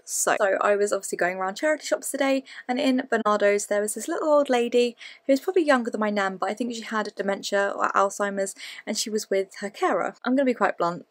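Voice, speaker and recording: A young woman talks through her day in a loose, blunt vlog style and swears offhandedly. Her pitch sits in an ordinary middle range. The sound is dry and close, with no room echo. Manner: chatty, blunt, swears casually. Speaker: vlogger. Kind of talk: casual daily vlog chat.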